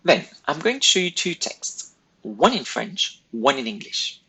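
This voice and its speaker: A man's voice: on the high side, sing-song, unhurried, bright, forceful tone, rough recording. A man teaching a recorded French lesson, giving patient, step-by-step instructions to pupils. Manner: patient, step-by-step, clearly paced directions to pupils.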